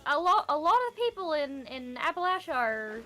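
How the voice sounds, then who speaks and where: A woman's voice: sits high, lively intonation, a little fast, sharp tone, soft background music. A woman chatting casually on a stream, rambling along with little hedges and asides. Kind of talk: casual chat.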